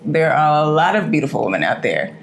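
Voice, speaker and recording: A woman's voice: low voice, big pitch swings, brisk, vocal fry, a little hiss or hum. A woman co-hosting a casual chat show, talking bluntly and candidly in slangy speech. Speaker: co-host.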